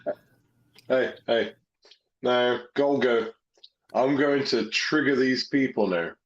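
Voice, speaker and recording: A man's voice: mid-range voice, slow pace. A man in casual chat, rambling, joking and swearing a lot. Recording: dull lo-fi audio.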